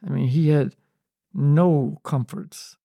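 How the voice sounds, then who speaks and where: A man in an unscripted spiritual discussion, talking slowly and searchingly with many restarts and "you know"s. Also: on the high side, creaky, dark tone, dry recording. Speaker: podcast co-host on spiritual topics.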